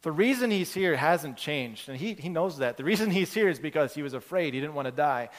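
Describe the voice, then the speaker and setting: A man's voice: fairly high pitch, lively intonation, brisk. A man preaching a sermon as pastor, in a conversational, earnest way, building his points from everyday examples. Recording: long hall reverb.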